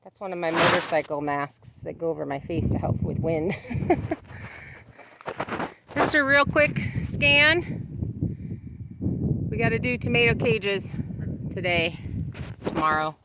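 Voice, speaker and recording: A woman's voice: very animated, a little slow, pauses often, very noisy. Woman doing a farm vlog outside, casual and chatty, animals nearby. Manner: chatty, talks to her animals in a high sing-song. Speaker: homesteading vlogger. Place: outdoors on a farm.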